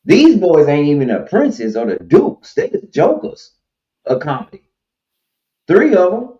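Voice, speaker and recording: A man's voice: sits high, huge pitch swings, measured pace, mellow. A man hosting a livestream, giving blunt, emphatic opinions in casual chat with a mocking edge. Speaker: stream host. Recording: muffled lo-fi stream audio.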